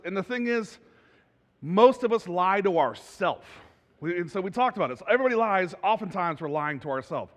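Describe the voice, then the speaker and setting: A man preaching a sermon as pastor, in a conversational, animated way that builds to loud emphasis. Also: high-pitched, fairly quick. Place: church sanctuary. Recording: reverberant church hall.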